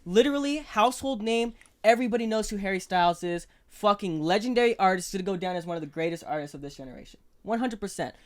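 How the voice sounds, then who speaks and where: A man's voice: high-pitched, lively intonation, fast talker, few pauses. A young man co-hosting a casual podcast chat, swearing constantly and rambling with emphasis. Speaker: podcast co-host.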